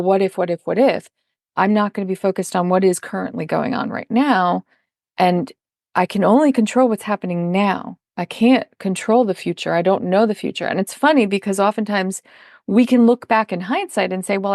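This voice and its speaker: Emphatic woman with a gravelly edge. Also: medium pitch, darkish tone, dry recording, clean studio sound. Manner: emphatic, explanatory, acts out quoted voices. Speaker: parenting coach, podcast guest. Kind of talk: conversational interview.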